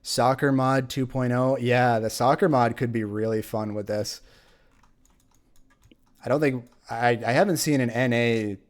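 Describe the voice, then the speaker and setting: A man's voice: medium pitch, steady tone, measured pace. A man live-streaming a game who is losing his voice, chatting casually, rambling with fillers and reading viewer comments aloud. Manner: rambling, reads chat aloud, many fillers. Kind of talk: casual live-stream chat while playing.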